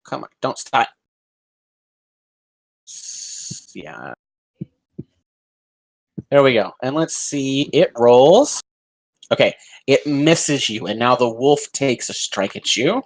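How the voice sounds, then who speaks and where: A man with a mid-range, sing-song voice speaks slowly with long pauses in a low-quality recording. Narrating a tabletop game as dungeon master, he describes the scene vividly and rambles with fillers.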